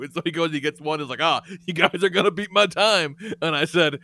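A middle-aged man hosting a podcast, telling stories in a profane, animated way. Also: a little high, a little fast, hardly any pauses, no echo. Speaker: podcast host. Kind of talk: casual podcast chat.

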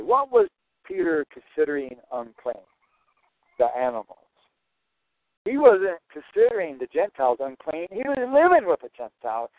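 Through a tinny, phone-like dry recording, a man with a fairly high, very animated voice works verse by verse through a Bible passage at a normal speed. He leaves long pauses and emphasizes his main points by repeating them.

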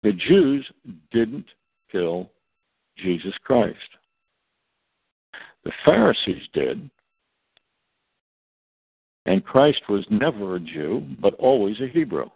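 Low-voiced man on a tinny phone line. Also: very animated, slow, gravelly, long pauses, husky, dry recording. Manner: emphatic, spells out acronyms letter by letter. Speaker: radio show guest. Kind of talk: long talk-radio monologue.

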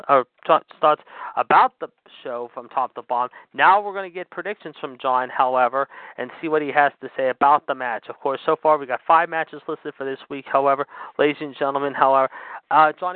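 A man's voice: on the high side, fast talker, clean tone, no room sound. A man hosting a call-in radio show, who keeps repeating filler words like however and of course. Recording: tinny phone-line sound.

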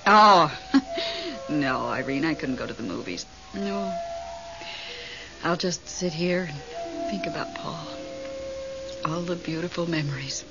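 A woman's voice: fairly high pitch, slow pace, long pauses, music in the background. An actress playing a grieving middle-aged widow who speaks to friends and her late husband. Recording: muffled old radio recording.

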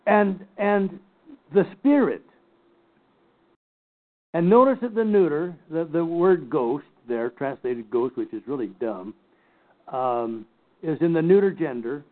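Slow emphatic older man, tinny recording. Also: fairly high pitch, expressive. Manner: slow, emphatic, dissecting scripture word by word. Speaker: Bible class teacher. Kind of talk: Bible study lecture.

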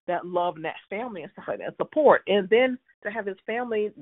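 A woman's voice: medium pitch, brisk, dry recording. A woman co-hosting a casual chat, talking emphatically and with exasperation, often restarting her sentences. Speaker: podcast co-host discussing a soap opera. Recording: tinny phone-like sound.

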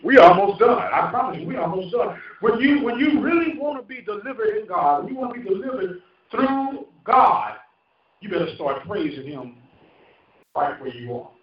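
A man's voice: high voice, sing-song, normal speed. A male pastor preaching a fervent sermon, emphatic, with call-and-response to the congregation. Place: church sanctuary. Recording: echoey hall, distant mic, dull sound.

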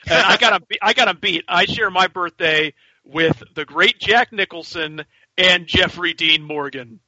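A man co-hosting a podcast in casual chat, excitable and rambling, swearing freely. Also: high voice, normal speed, dry recording, muffled recording. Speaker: podcast co-host.

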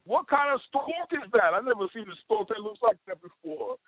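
A man voicing an excitable young male cartoon rabbit who is bewildered and full of slang, heard over a tinny phone line. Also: high-pitched, a little fast, slightly rough, dry recording, pitched above the performer's own voice. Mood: incredulous. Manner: bewildered, slangy, keeps saying dude.

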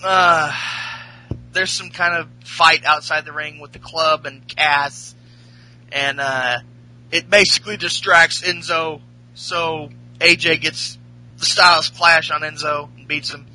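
A man's voice: on the high side, steady tone, slow, bright, forceful tone, low-quality recording. A man hosting a podcast, recapping a show in a rambling, profane, casual way. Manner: rambling, profane, laughing storyteller. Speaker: podcast host.

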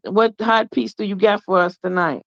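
A man hosting a call-in show, animated and laughing, hyping up his callers with slang. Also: sits high, moderate pace, gravelly, no room sound. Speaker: radio show host. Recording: dull lo-fi audio.

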